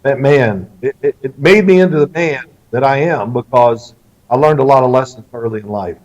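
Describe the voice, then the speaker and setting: A middle-aged man from Kentucky, an interview guest telling lively family stories and acting out the lines of the people in them. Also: mid-range voice, moderate pace. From Louisville, Kentucky, US. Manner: animated storyteller who acts out quoted lines. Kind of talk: storytelling interview. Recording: slightly distant, dull lo-fi sound.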